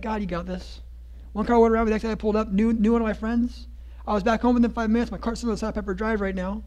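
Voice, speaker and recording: A man's voice: high-pitched, a little mellow. A man preaching a casual sermon at a men's conference, chatty and joking, often asking "right?" as he talks. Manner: conversational, keeps asking "right?", laughs at his own jokes.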